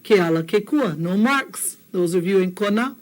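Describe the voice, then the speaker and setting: A woman from Hawaii, teaching a casual language lesson, joking and repeating phrases slowly for learners. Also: mid-range voice, expressive.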